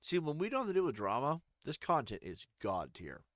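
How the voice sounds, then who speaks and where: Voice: medium pitch, huge pitch swings, fairly quick, no echo. A streamer giving crude, joking gameplay commentary, often laughing between remarks.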